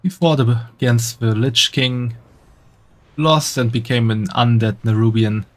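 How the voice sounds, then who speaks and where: A man's voice: medium pitch, steady tone, unhurried. A man streaming a game, chatting casually and reading quest text as he plays. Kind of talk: casual gameplay commentary.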